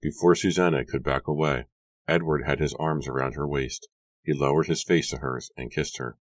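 A man narrating a horror audiobook in a hushed, suspenseful storytelling manner. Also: a bass voice, steady tone, moderate pace, dry recording.

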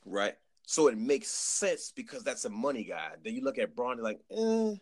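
A man chatting on a podcast, telling an animated story, acting out quotes and repeating words as he goes. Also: medium pitch, moderate pace, slightly rough. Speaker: podcast guest. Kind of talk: casual chat.

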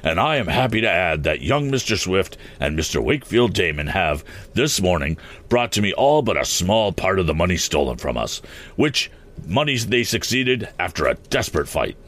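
A man's voice: low voice, big pitch swings, moderate pace, fairly bright tone, full character voice. A man voicing a flustered, fussy elderly bank president who stammers and gushes, in a storybook reading. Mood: formal. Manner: stammering, effusive.

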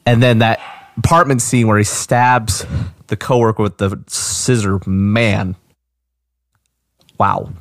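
A man with a lowish voice talks over a movie in an easygoing, halting way, restarting and repeating words. The sound is dry and close. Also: fairly even intonation, no room sound. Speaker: podcast co-host. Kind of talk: casual movie discussion.

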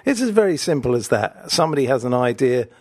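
A man hosting a podcast in casual chat, animated and tripping over repeated words when excited. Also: medium pitch, quick pace, no echo. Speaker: podcast host.

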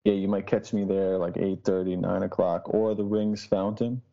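A man's voice: low voice, flat delivery, moderate pace, vocal fry, lo-fi sound. A man, a guest who talks in a brash, rambling way, swearing often in casual chat. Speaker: podcast guest, street DJ. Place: Boston.

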